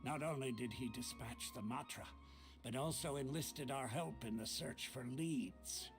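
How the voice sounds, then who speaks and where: An actor voicing a composed male leader in a video game, calm and explanatory. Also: mid-range voice, a little slow, over music, lightly acted. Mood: briefing.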